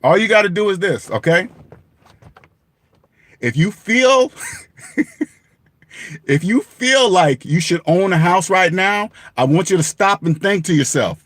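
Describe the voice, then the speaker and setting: Vlogger, male, high-ish voice, emphatic and profane, repeats points, dead-dry room. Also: lively intonation, a little slow, pauses often, a bit bright, no echo. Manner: emphatic, repetitive, swears for emphasis, laughs at himself. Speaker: personal finance vlogger. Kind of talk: blunt direct-to-camera rant.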